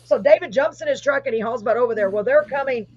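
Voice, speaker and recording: Woman, middle-aged, husky voice, animated spooky storytelling, muffled lo-fi stream audio. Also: on the high side, fast, no room sound. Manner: animated, breathless storytelling with rising excitement. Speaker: host. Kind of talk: casual storytelling, paranormal tale.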